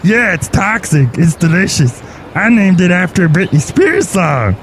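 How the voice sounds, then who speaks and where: A man's voice: high-pitched, sing-song, moderate pace, a little hiss or hum, pitched above the performer's own voice. A man voicing a dim, boastful male brewmaster who brags about his own root beer in a comedy podcast sketch. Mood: proud. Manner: scatterbrained, bragging about his own brew.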